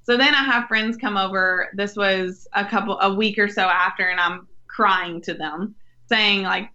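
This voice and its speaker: A young woman speaks with a bright, tense edge, sharing her faith story in an earnest, storytelling way with small laughs. Her audio sounds a bit muffled and lo-fi. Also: medium pitch, normal speed. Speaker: podcast guest, women's ministry leader. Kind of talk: faith-based interview conversation.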